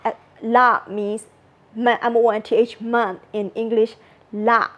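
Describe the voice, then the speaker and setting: Woman, Burmese accent, fairly high voice, chatty lecturer, repeats syllables to demonstrate. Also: level tone, a bit bright, dull audio. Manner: chatty, heavy use of "like" and "you know", repeats sounds slowly to demonstrate. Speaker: language presenter. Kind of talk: informal conference lecture.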